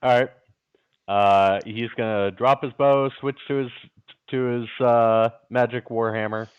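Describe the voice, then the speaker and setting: A man playing a tabletop game, talking slowly and deliberately through his turn. His voice is smooth and a touch low. The recording is dry and slightly dull. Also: fairly even intonation, no room sound. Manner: slow, deliberate turn calls with joking asides. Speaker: player.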